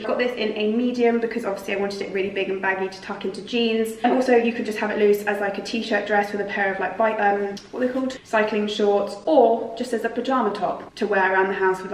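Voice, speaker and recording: A woman's voice: mid-range voice, recorded from a distance, slight background noise. Bubbly British woman vlogger in echoey room. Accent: British English. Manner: chatty, bubbly, self-mocking asides. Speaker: fashion vlogger. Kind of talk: casual try-on haul chat. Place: home room, seated by a sofa. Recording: echoey room, voice a little off-mic.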